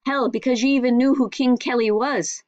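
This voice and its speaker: A woman voicing an older team manager, a gruff man. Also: sits high, steady tone, moderate pace, darkish tone, dry recording, highs cut off, voice pushed up, lightly acted. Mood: firm.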